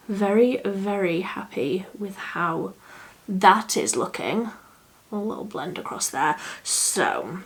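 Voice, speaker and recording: A young woman chatting casually as she does her makeup, thinking aloud and now and then dropping to a soft murmur while she works. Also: fairly low pitch, slight background noise. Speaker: beauty vlogger. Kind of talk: casual makeup tutorial chat.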